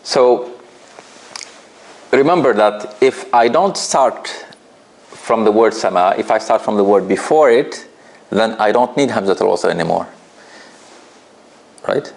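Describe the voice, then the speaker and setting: Low gravelly man teaching a class. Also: lively intonation, a little slow, long pauses, darkish tone. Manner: patient, laughs often, asks the class questions. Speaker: tajweed teacher. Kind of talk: classroom lesson. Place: office used as a classroom.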